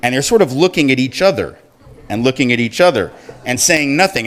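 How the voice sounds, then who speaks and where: A man's voice: on the high side, sing-song, a little fast, fairly bright tone. A middle-aged man giving a speech, telling a personal story in an easy, conversational way. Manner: conversational storyteller, acts out quoted voices. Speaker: speaker.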